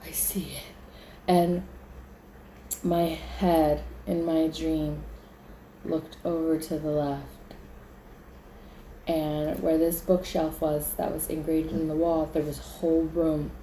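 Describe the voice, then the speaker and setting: Chatty woman, mellow voice, roomy echo. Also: deep voice, little pitch movement, slow pace, pauses often, a little hiss or hum. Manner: chatty, leans on "like", acts out her own panic. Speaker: vlogger recounting a dream. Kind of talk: casual dream storytelling.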